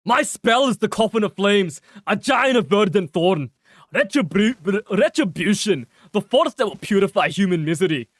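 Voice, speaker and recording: Streamer reading cocky male mage warrior, northern English accent, swooping lively delivery, dry close sound. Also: mid-range voice, moderate pace, no echo, close to an everyday voice. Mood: grandiose. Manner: mock-grand chanting of battle lines. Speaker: streamer reading game dialogue.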